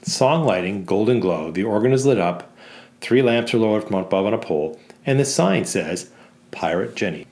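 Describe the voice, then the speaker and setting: A man narrating a play, reading the stage directions in an even, measured way. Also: fairly low pitch.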